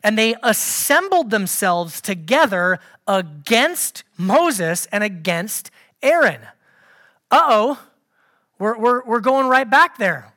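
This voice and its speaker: A woman's voice: a little high, very animated, slow pace, a bit bright. A woman delivers a sermon, reading scripture and giving its quoted speakers dramatic voices. Between readings she adds dry, sarcastic asides. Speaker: preacher.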